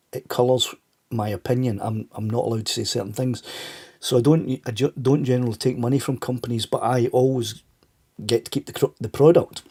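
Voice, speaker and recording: A man's voice: mid-range voice, mellow, husky. A middle-aged Scottish man hosting a casual livestream chat, stuffed up with a cold, greeting viewers by name and laughing often. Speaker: livestream host.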